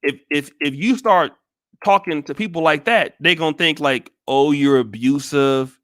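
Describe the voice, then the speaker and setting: A man's voice: fairly high pitch, moderate pace, bright, forceful tone, no room sound, clean studio sound. An American man giving blunt, profane commentary on a live stream, with many restarts. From United States. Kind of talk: casual livestream commentary.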